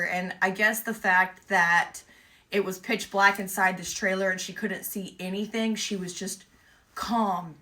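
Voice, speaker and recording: A woman tells a story in a casual, chatty way. Her voice is bright and forward, her pitch sits in the middle, and she acts out each exchange in a lively way. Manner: lively, vivid retelling with quoted exchanges. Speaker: emu owner telling a story.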